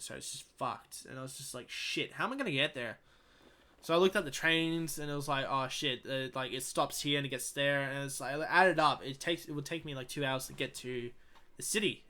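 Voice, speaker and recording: A young Australian man tells a long story on his first podcast, rambling and swearing as he goes. His voice is bright and forward, and his pitch sits in a middle register. He acts out both sides of the conversations he quotes. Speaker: podcast host. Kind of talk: casual storytelling.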